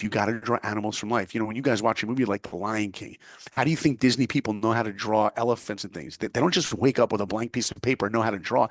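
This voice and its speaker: A middle-aged New York man with a voice on the low side tells a story as a guest, recorded at studio quality with no echo. His animated storytelling is punchy and motivational, and he acts out the voices he quotes.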